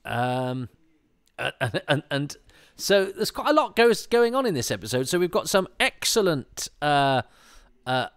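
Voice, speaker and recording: A man's voice: high-pitched, sing-song, moderate pace, a bit bright, smooth, dry recording. A man hosting a podcast, talking through an episode in a casual, rambling commentary full of restarts and fillers, amused as he goes. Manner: chatty and amused. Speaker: podcast host.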